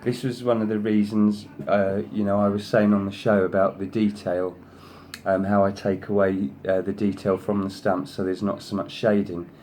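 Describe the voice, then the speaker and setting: A man's voice: little pitch movement, moderate pace, darkish tone, slight background noise. A man hosting a craft video, showing design samples in a casual, rambling way and praising each one at length. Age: adult, sister past thirty. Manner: effusive, rambling with many "you know"s; coaxes his pet in a higher voice. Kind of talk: casual show-and-tell.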